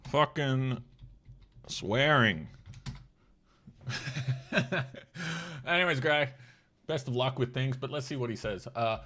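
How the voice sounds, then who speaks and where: A man's voice: medium pitch, fairly bright tone. An Australian man with a cold giving blunt, sweary, mocking commentary in a casual political rant. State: has a cold.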